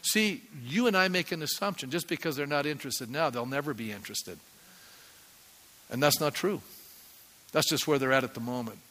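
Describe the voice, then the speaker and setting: A man's voice: on the high side, brisk, pauses often, pushed and bright. A man in his sixties, a pastor giving a conversational sermon and asking the congregation rhetorical questions. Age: 60s.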